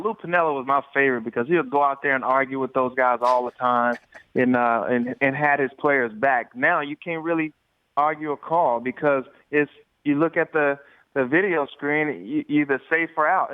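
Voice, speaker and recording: Animated man on a tinny phone line. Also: mid-range voice, normal speed, clear, resonant tone, dry recording. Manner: animated storyteller, repeats words. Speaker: guest calling in. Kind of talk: phone interview.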